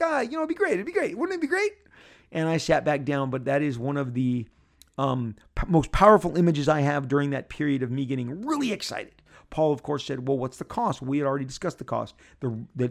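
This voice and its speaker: Excitable man with a gravelly voice. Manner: excitable, acting out quotes with big jumps up in pitch; rambling with many restarts and asides. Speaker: podcast host. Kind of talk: casual storytelling.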